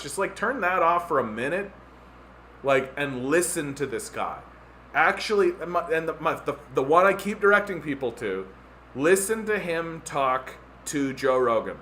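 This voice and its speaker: A man's voice: on the high side, animated, moderate pace, a bit bright, slight background noise. A Canadian man hosting a podcast, ranting casually with sarcastic mockery and many filler words. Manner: sarcastic, mocking impressions, lots of "like" fillers. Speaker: podcast host.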